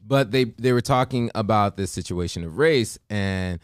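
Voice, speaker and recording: American guy hosting a morning show, lowish voice, animated, restarts a lot, dry close sound. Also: moderate pace, clear, resonant tone, no room sound. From United States. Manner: animated, acts out quotes, many restarts. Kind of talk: casual conversation.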